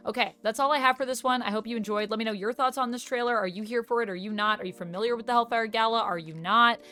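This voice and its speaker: A woman's voice: on the high side, fast, bright, forceful tone, faint music behind. A woman YouTuber chatting casually in a reaction vlog, gushing as a self-described fan.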